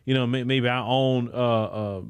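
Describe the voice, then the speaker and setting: A man's voice: a little slow, clean tone. An American man with an African American English accent, hosting a podcast and delivering an emphatic, preachy commentary monologue that is full of repeated words and restarts. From United States. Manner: animated, swinging from raised to low, quiet asides. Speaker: podcast host.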